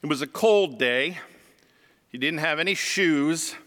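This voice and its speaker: Pastor guy giving a sermon, takes his time, clear bright tone, echoey church. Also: fairly high pitch. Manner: slow, reflective storytelling.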